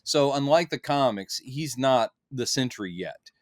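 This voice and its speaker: Male film reviewer, casual chat, mid pitch, dry close sound, animated quoting. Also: measured pace, no room sound. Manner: chatty, quoting characters in playful voices.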